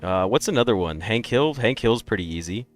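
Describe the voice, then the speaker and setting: Low-voiced chatty male streamer. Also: animated, fairly quick, soft background music. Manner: chatty, opinionated, rambling. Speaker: game streamer. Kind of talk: casual live-stream chat.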